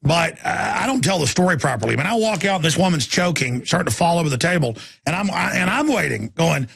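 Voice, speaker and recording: A man's voice: fairly high pitch, lively intonation, fairly quick, gravelly, fairly bright tone, breathy edge. A man from Texas, hosting a talk radio show and ranting in a heated, rambling way, often repeating words as he restarts.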